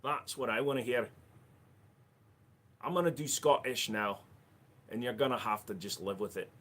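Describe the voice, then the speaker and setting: A man's voice: mid-range voice, normal speed, fairly bright tone. A man hosting a casual livestream, reading chat messages aloud and answering with crude jokes. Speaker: livestream host.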